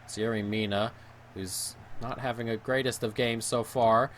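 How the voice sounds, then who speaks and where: Speaking at a moderate pace, a gaming YouTuber calls the action of his own football video game match live. Every goal sets off excited shouting, and every mistake sends him into low, gloomy muttering.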